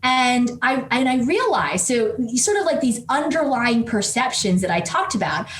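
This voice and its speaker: Lively woman telling a story. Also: fairly high pitch. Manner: animated, fast storytelling with many fillers. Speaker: business professor guest. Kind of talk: storytelling in a podcast interview. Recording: roomy echo with faint noise.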